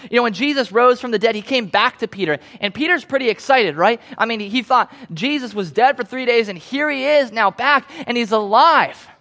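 High-voiced young man preaching conversationally. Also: expressive, brisk, few pauses, pushed and bright. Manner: conversational storytelling, acting out quoted voices. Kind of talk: sermon.

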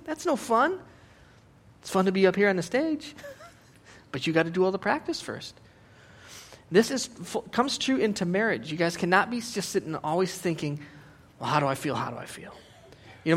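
Bright-voiced joking male preacher. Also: sits high. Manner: joking, animated, acts out quotes. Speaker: pastor. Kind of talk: humorous sermon. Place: church.

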